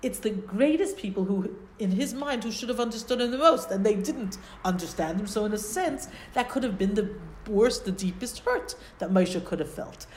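A woman's voice: mid-range voice, lively intonation, moderate pace, a little mellow, slight background noise. A woman giving a Torah lesson, explaining Hebrew phrases and asking rhetorical questions. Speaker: Torah teacher. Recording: roomy echo.

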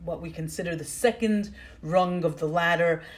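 A woman's voice: fairly low pitch, moderate pace. Woman teaching an online prayer class. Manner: warm explaining with fillers and restarts. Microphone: video call.

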